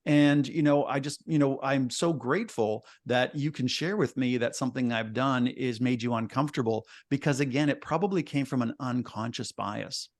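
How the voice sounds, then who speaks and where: A man's voice: mid-range voice, moderate pace, few pauses, dry recording. Canadian man joking on a panel. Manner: jokey, animated storytelling with mock voices. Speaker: panel guest. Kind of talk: panel discussion.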